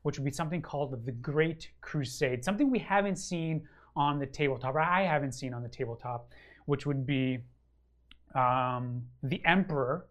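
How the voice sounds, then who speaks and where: A man's voice: medium pitch, dull audio. Rambling, enthusiastic man on a wargaming chat show. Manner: rambling and enthusiastic, full of ums and uhs. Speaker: regular co-host of a wargaming show. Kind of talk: casual chat answering a listener question.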